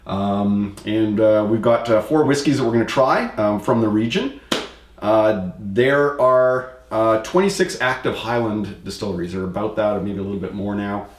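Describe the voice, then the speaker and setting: A man's voice: lowish voice, moderate pace, echoey room, slight background noise. A man hosting a casual tasting podcast, upbeat and jokey, with lots of ums and uhs. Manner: upbeat, jokey, frequent fillers. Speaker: host.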